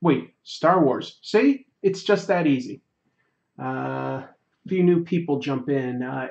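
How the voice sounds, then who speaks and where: A man hosting a drawing livestream, chatting casually and reading viewer comments, going quiet during fine detail work. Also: medium pitch, measured pace, creaky, lo-fi sound. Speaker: livestream host. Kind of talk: casual chat while drawing.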